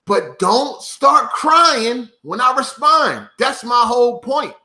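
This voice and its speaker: A man with a high, bright, forceful voice vents straight to his audience in a profane vlog rant. He repeats his points over and over with emphatic, swearing insistence. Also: sing-song, takes it slowly. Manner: profane, repetitive, emphatic ranting. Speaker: YouTuber.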